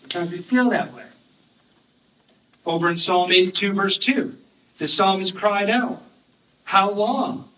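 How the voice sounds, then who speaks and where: A man preaching a sermon, earnestly explaining scripture and reading verses slowly and with emphasis. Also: high voice, pushed and bright. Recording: distant mic with faint background noise.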